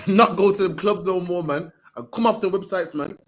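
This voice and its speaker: A man preaching to a group, punchy and forceful, ending his lines with "man". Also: sits high, moderate pace. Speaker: street preacher teaching a group. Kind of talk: impassioned preaching.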